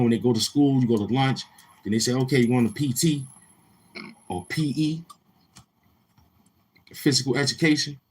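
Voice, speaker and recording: Husky and medium-pitched, the voice belongs to a livestream host from Brooklyn, New York. He tells rambling, repetitive stories in loose street talk, voicing other people's dialogue himself.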